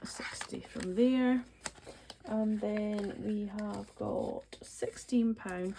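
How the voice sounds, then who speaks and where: A Scottish woman from the Highlands, in her forties, speaks very slowly in a gravelly, mid-range voice against a noisy background. She's a budgeting vlogger doing a casual cash-stuffing voice-over, counting money aloud and rambling with frequent ums.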